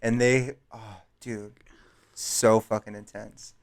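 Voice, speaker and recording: A man co-hosting a podcast, telling a story in a rambling, profane, animated way. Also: on the low side, slow. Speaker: podcast co-host. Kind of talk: casual storytelling.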